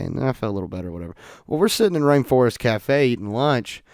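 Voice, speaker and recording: A young man telling stories in an animated way on a casual podcast monologue. He swings between loud outbursts and quiet asides. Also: mid-range voice, quick pace, hardly any pauses, dry recording, studio quality. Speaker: podcast host.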